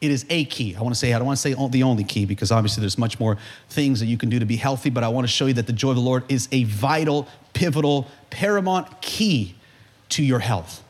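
A man preaching a sermon as pastor, building to shouts and joking with the congregation, calling out questions for them to answer. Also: mid-range voice, quick pace. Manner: preaching with rising shouts and humor, call-and-response.

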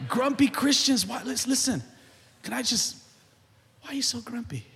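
A man preaching a sermon as pastor, animated and building to shouts, in a large church hall. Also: extremely high pitch, normal speed, gravelly, slight background noise.

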